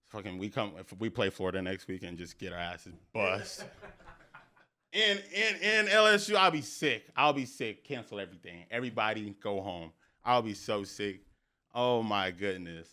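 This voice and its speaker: A young man hosting a sports podcast, talking in an excited, slangy way and repeating phrases for emphasis. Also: medium pitch, normal speed. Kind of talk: excited casual sports talk.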